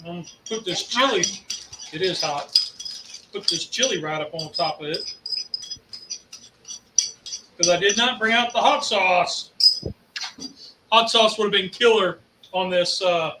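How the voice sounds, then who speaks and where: A man's voice: high-pitched, unhurried, long pauses. A man hosting a casual cooking show, chatting easily while he eats. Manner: easygoing, chatty, laughs often. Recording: echoey room, mic at a distance, faint noise.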